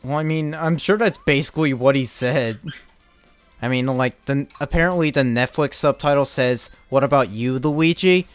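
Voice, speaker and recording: Faint music sits behind a young man's medium-pitched, clean voice at normal speed. He's playing a game on stream and chatting loosely, rambling, starting sentences over, and tossing in the odd curse word.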